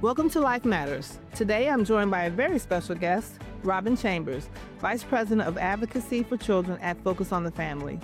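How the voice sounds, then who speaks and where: A woman's voice: medium pitch, lively intonation, a little fast, soft background music. A woman hosting a podcast interview, introducing her guest and offering affirming replies. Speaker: host.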